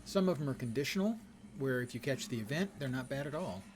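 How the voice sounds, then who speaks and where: A man's voice: mid-range voice, animated, quick pace, a little hiss or hum. A man streaming a game, commenting casually with dry sarcasm and playful wordplay.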